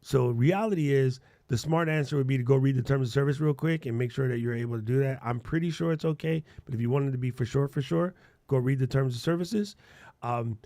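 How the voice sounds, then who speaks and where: Animated man podcast co-host, dry sound. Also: mid-range voice, brisk, no echo. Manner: animated, playful, uses slang and mouth sound effects. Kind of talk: casual podcast chat.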